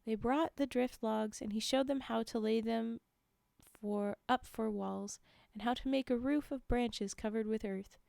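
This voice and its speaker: A young adult woman reading folktales aloud on a livestream, chatty, pausing for casual asides and fillers. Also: on the high side, fairly even intonation, creaky, darkish tone, clean tone, dry recording, studio quality. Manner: chatty, frequent laughs and fillers while reading. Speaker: livestream storyteller.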